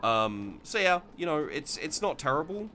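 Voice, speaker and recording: His voice is fairly high, bright and forceful, swinging widely in pitch at a normal speed, with a little hiss or hum in the background. He's a let's play host giving casual gameplay commentary, full of restarts and fillers.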